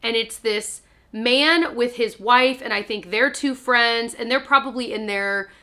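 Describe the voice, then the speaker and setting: A young woman vlogger talks to the camera at home as she does her makeup. Her voice is high and bright with a forceful edge, and she tells the story with animated emphasis, dropping low for asides. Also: a little slow. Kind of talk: chatty storytelling while doing makeup.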